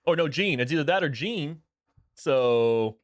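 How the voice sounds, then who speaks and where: A man co-hosting a podcast in casual pop-culture chat, excitable and often restarting his sentences. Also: a little high, measured pace. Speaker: podcast co-host.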